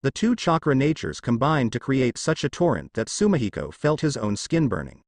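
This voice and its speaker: A man narrating a fan fiction story in a lively storytelling way. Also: moderate pace, no room sound, clean studio sound. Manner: lively storytelling, varies pitch for dialogue.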